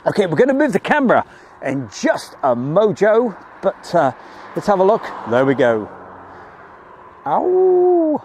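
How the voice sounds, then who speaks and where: A man's voice: high-pitched, sing-song, moderate pace, a little mellow, slight background noise. A man hosting a live plane-spotting stream, chatting jokily and reading out viewer messages. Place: outdoors at an airfield.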